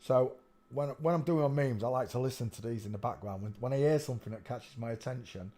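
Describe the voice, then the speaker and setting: A man's voice: medium pitch, fast, warm tone. A man giving rambling casual commentary while reviewing a video. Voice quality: rambling, musing, with frequent restarts and asides.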